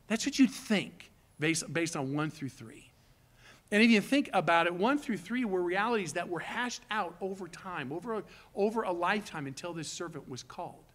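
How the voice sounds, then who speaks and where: A middle-aged pastor preaching a sermon, animated and explaining Hebrew words along the way. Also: male voice, sits high, normal speed.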